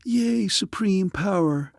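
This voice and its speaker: A seductive, cruelly ironic female robot, voiced by a male narrator, speaking slowly in a soft, caressing, whispery tone pitched above his normal voice. The recording is dry and close. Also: animated, gravelly, dry recording, exaggerated voice. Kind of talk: audiobook character reading.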